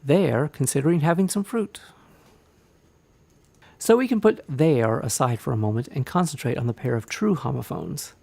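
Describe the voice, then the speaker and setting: Male narrator for a grammar lesson, gravelly, dry close sound, deliberate delivery. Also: medium pitch, expressive, darkish tone, no echo. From Indiana. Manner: clear, deliberate, explains with examples. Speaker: writing instructor.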